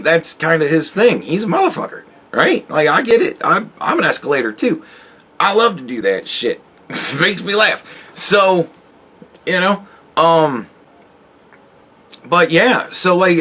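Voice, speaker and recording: Brief: 40s male YouTuber, slightly high voice, crude sarcastic rant to camera. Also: fairly bright tone. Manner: profane, sarcastic, talks straight to the viewer. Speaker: YouTube commentator. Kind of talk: ranting political commentary.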